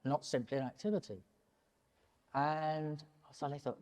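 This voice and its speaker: An older man in his seventies, a painter speaking to an audience in a public talk, animated and digressive and often breaking off mid-sentence. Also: on the high side, normal speed. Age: 70s. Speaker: painter and prize winner, interviewee. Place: large gallery hall, in front of an audience. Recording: long hall reverb in a gallery.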